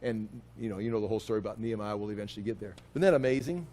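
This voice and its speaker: A man's voice: on the low side, very fast, dark tone. A man teaching a casual Bible class, talking in a loose, conversational way that wanders off and restarts as he retells the story with animation.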